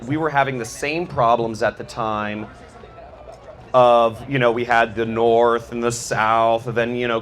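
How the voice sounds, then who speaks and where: A man's voice: mid-range voice, a little hiss or hum. A young adult man giving an informal talk, rambling and filling his sentences with "you know" and "like". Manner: rambling, filler-heavy, frequent "you know" and "like"; acts out quoted people in exaggerated voices. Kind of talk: casual informal lecture.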